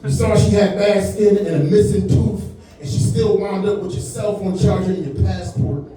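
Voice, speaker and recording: A man in his forties doing stand-up, his voice high but mellow. He talks in a laid-back, chatty way and keeps dropping "man" and "you know what I'm saying". The sound is echoey and comes from far off in a club. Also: moderate pace. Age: 40s. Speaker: stand-up comedian. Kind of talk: stand-up comedy set. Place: comedy club stage.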